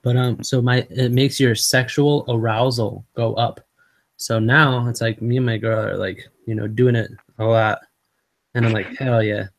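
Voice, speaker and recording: A man's voice: mid-range voice, steady tone, moderate pace, creaky. Man host, casual hangout talk: profane, rambling, trips over words now and then. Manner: profane, rambling, full of fillers; sometimes stumbles over words. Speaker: motovlog host.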